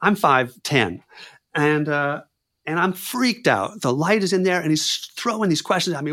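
Male storyteller, slightly high-pitched, animated, repeats himself for emphasis. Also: normal speed. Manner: animated, repeats words and phrases, acts out quoted voices. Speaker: clown performer telling a story. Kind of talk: personal storytelling.

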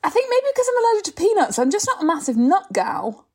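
A woman's voice: extremely high pitch, very animated, fast. A young woman co-hosting a podcast in casual chat, playful and teasing, with dramatic exaggeration. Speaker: podcast co-host.

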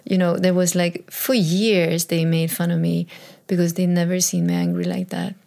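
A woman's voice: fairly low pitch, expressive, normal speed, creaky, mellow. A woman in her fifties talking candidly about her own life, earnest, often repeating and restarting phrases. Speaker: mother sharing personal reflections. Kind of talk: candid personal storytelling.

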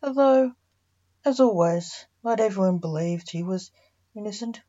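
A woman reading a short story aloud in a plain, even narrating voice. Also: medium pitch, moderate pace, highs cut off.

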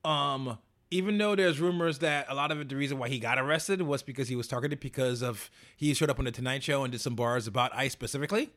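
A man's voice: mid-range voice, quick pace, few pauses, fairly bright tone. A man co-hosting a casual podcast, joking around and laughing often. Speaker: podcast co-host.

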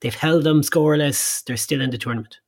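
A man with a fairly high voice leads a relaxed podcast chat, talking to his guest in a friendly, easygoing way. He keeps the flow moving. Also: fairly quick. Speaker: podcast host. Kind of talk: casual chat.

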